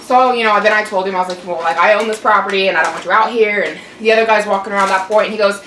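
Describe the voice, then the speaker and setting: In her mukbang vlog, a young adult woman rants casually, aggravated, swearing and leaning on "like." Her mid-range voice is pushed and bright, racing along with hardly any pauses; the mic sits at a distance in an echoey room with faint hum.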